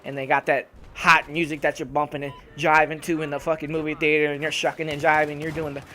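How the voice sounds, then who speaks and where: A young man with a slightly high voice rants casually over gameplay as a YouTuber. He swears constantly and gets worked up, breaking into laughs as he talks into a home desktop mic. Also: fast talker. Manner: profane, animated ranting with laughs. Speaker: gaming YouTuber.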